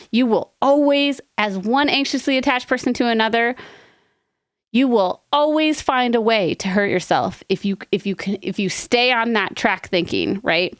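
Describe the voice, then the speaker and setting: A woman co-hosting an advice podcast, talking in an earnest, rambling way with quick asides. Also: on the high side, animated, dry recording, studio quality. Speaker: podcast co-host. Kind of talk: casual advice chat.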